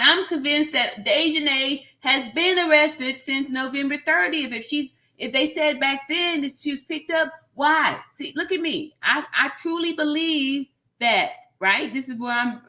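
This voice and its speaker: A woman hosts a casual commentary vlog with a fairly high, bright voice. She talks straight to her viewers in an animated, self-mocking way, breaking into laughter again and again. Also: unhurried, hardly any pauses. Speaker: nurse YouTuber, channel host.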